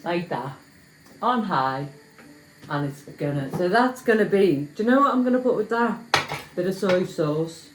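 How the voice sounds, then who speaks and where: A woman's voice: mid-range voice, lively intonation, moderate pace, a little hiss or hum. Woman, home cooking vlogger, self-mocking chatter to viewers, echoey kitchen, clanking pots. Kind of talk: casual cooking vlog. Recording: echoey kitchen with clattering pans.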